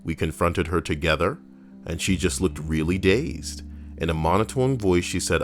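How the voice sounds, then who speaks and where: Very deep-voiced male streamer, reads stories aloud, cuts in with blunt, foul-mouthed commentary. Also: moderate pace. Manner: blunt, profane asides.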